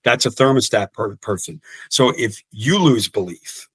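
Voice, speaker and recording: A man's voice: medium pitch, expressive, a little slow, a bit bright, slightly rough, no echo. A man in his fifties talking earnestly in an interview, often repeating words and restarting sentences. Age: 50s. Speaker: guest coach. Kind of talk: podcast interview.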